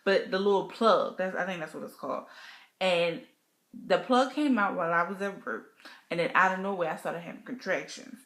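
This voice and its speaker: A woman's voice: fairly low pitch, normal speed, fairly bright tone, roomy sound. A young woman telling, in casual vlog style, about going into labor with her first baby, in a chatty, loose way full of fillers. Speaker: mother telling how her first child was born.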